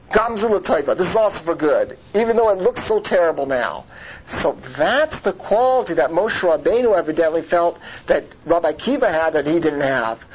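A man with a somewhat high voice teaches a Torah class, weaving Hebrew words into his English. He leans on rhetorical questions and keeps checking in with his listeners. The recording sounds muffled and lo-fi, with a faint noise underneath. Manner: rhetorical, checks in with "right?" and "okay?"; mixes Hebrew terms into English.

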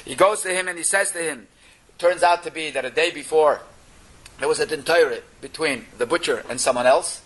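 A man telling a Torah story in an animated way, mixing Yiddish and Hebrew terms into his English. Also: fairly high pitch, brisk, breathy edge, low-quality recording.

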